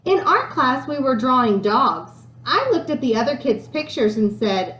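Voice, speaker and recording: A woman teacher giving a lesson and reading a picture book aloud with lively expression and frequent fillers. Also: a little high, a little slow, few pauses. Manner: animated storyteller who reads with many fillers. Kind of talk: classroom read-aloud and lesson. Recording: echoey room.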